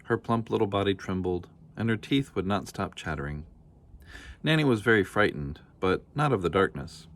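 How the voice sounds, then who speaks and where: A man calmly reading a children's picture book aloud in a measured storytelling manner. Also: low-pitched. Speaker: storybook reader.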